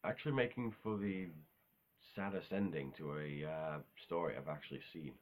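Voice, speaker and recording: A man's voice: rumbling low, normal speed. A man talking in a casual, unscripted monologue, rambling offhand with self-corrections and casual swearing. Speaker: video host ranking game villains.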